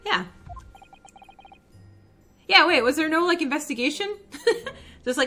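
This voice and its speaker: A woman's voice: high voice, lively intonation, slow, long pauses, sharp tone. A woman hosting a game playthrough, making giggly joking asides, with faint game music behind. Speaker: gaming video host. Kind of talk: let's play commentary.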